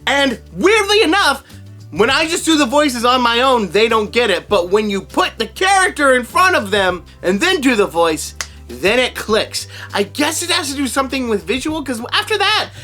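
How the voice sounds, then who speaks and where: A man telling an animated, laugh-filled story to camera in a vlog, slipping into character voices. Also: very high-pitched, normal speed, faint music behind. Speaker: voice impressionist and vlogger.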